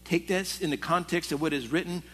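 A man's voice: on the high side, steady tone, a little fast, fairly bright tone. A male pastor preaching to a men's Bible study in a conversational, storytelling way. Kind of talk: sermon. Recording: long hall reverb.

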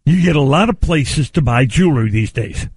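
A man with a frog in his throat reading a live radio ad, halting and clearing his throat. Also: medium pitch, animated, dry recording. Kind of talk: live ad read.

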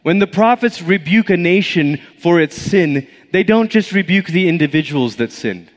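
A man's voice: high voice, moderate pace. A man preaching a sermon as pastor, telling stories and acting out voices, a little out of breath. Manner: animated storytelling with acted-out inner voices. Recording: long reverb of a hall.

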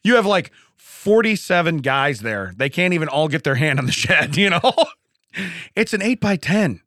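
A man's voice: on the high side, normal speed, dry recording, studio quality. A man co-hosting a morning radio show, bantering casually and laughing often as he tells stories. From Illinois. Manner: laughs often, animated storytelling.

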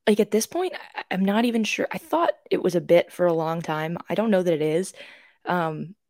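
A woman's voice: on the low side, lively intonation, brisk, a little mellow, no room sound, clean studio sound. A young woman co-hosting a podcast, telling rambling stories in casual chat with lots of fillers and restarts. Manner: chatty storyteller with many fillers and restarts. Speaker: podcast co-host.

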